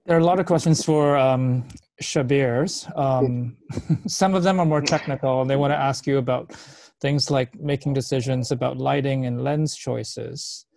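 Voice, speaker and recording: A man moderating a film panel, putting questions slowly and hesitantly. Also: medium pitch, vocal fry, darkish tone, no echo. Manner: slow, hesitant questions with many pauses.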